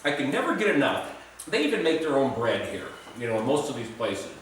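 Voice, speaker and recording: A man's voice: mid-range voice, very animated, brisk, far from the mic, a little hiss or hum. A man rambling casually in a food vlog, chatty and self-deprecating, recorded in an echoey room away from the mic. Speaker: food vlogger. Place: indoors in Serbia, roomy space.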